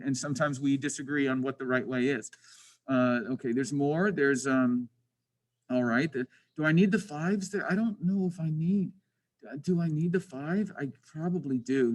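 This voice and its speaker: A man's voice: fairly high pitch, poor audio. A man teaching a screen-recorded drafting lesson, thinking aloud with lots of restarts, self-questions and grumbling asides. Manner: frustrated, self-deprecating asides.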